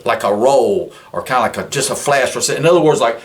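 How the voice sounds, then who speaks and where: A man's voice: medium pitch, fairly quick. A man teaching guitar in a casual, rambling, folksy way, counting frets and often restarting his sentences. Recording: guitar loud behind voice. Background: guitar playing.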